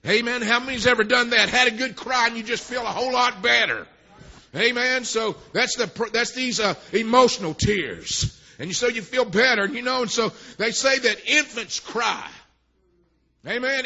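A male preacher with a strikingly high, piercing voice gives a sermon at a moderate pace, dropping "amen" between phrases and swinging from low asides to shouts. The recording sounds dull and lo-fi.

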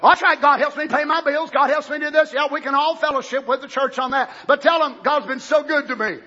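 Preacher, high bright voice, shouting. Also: male voice, fairly even intonation, brisk, highs cut off. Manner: swings from low murmurs to loud shouted preaching. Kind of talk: sermon.

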